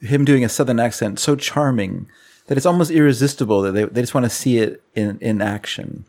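Easygoing podcast man, mid-pitched. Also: darkish tone. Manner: easygoing, agreeable, quick to laugh. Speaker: podcast co-host. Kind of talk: casual chat.

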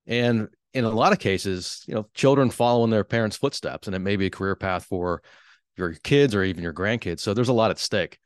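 Deep-voiced man explaining finance. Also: smooth, dry recording, studio quality. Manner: measured, explanatory, earnest. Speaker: wealth advisor, show host.

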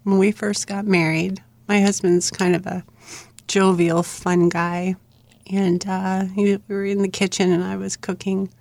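A middle-aged memoir author, appearing as an interview guest, tells her own story in an earnest, plain-spoken, steady way, speaking a little slowly. Her gravelly, fry-edged voice stays within a narrow, even pitch band. The recording is close and dry, with no echo.

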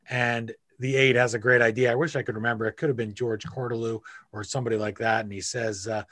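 A man hosts a history conversation at a middle pitch, drifting through anecdotes and restarting his sentences as he goes. The sound is dry and close, with no room behind him. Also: fairly even intonation, quick pace, hardly any pauses, fairly bright tone, no echo. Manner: rambling, retells anecdotes with restarts. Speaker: interviewer.

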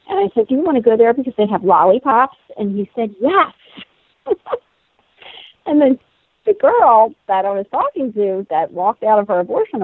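A woman in her thirties tells a personal story in lively conversation, laughing and acting out what others said. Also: mid-range voice, breathy edge, dry recording. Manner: animated, laughing, acts out quoted voices. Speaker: guest telling a personal story. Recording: tinny phone-like sound.

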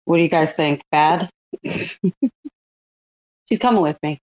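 A woman's voice: low-pitched, expressive, takes it slowly, a little mellow. A woman in her thirties hosting a casual online audio chat, joking and laughing often. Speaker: space host.

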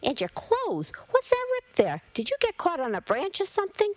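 A woman's voice: wildly swooping pitch, takes it slowly, creaky, darkish tone, no room sound, full character voice. A woman playing a fretting, doting old mother. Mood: eager, fussing. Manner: high-pitched, fretting, emphatic.

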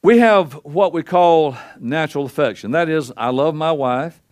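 Speaking smoothly at a normal pace, an older preacher tells stories in a folksy sermon, voicing the quotes dramatically as his pitch and volume swing widely.

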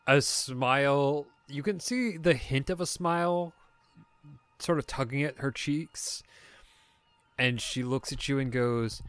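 A man narrating a tabletop role-playing game as game master in a relaxed, laid-back way. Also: medium pitch, slow, clear, resonant tone.

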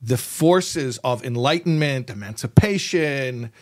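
A man interviewing a guest, explaining points in a measured, thoughtful way. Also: mid-range voice, animated, a little mellow. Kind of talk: conversational interview.

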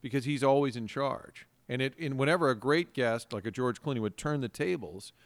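A chatty male co-host spins stories in a casual podcast chat. He is close to a studio mic in a dry, dead room, and his voice sits at an ordinary middle pitch. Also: brisk, dry recording. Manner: chatty storyteller who breaks into impressions. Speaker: radio co-host.

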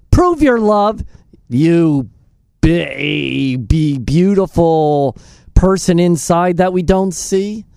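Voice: medium pitch, a little mellow, no echo, clean studio sound. A radio talk show host delivering scornful political commentary, mocking and sarcastic. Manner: mocking, scornful, breaks into mimicking voices.

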